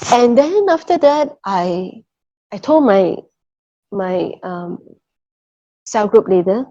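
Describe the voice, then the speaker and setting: Warm in tone and expressive, a middle-aged woman speaks slowly at medium pitch as she earnestly gives her faith testimony. Frequent "okay"s and "you know"s mark her check-ins with listeners, and the recording is muffled and lo-fi.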